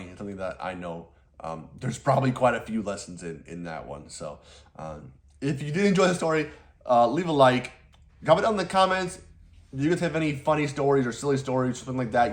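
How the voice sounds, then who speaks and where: A young man who runs a lawn care business, casually telling a story, rambling, laughing often and swearing now and then. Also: on the low side.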